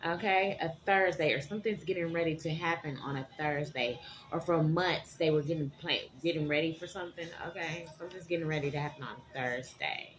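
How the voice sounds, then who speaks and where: A woman giving a tarot reading to her viewers, animated and dramatic, often checking in with "okay?". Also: deep voice, fairly quick, slight background noise. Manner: animated, keeps asking "okay?". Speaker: tarot reader.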